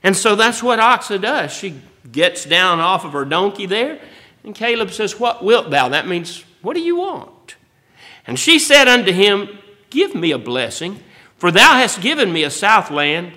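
A man's voice: high voice, big pitch swings, normal speed, pushed and bright. A man preaching a sermon as pastor. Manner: folksy preaching, rising to bold emphasis.

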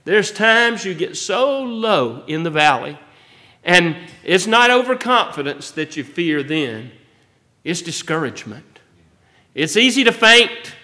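A man's voice: fairly high pitch, pushed and bright. A man preaching a sermon as pastor. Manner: folksy preaching, rising to bold emphasis.

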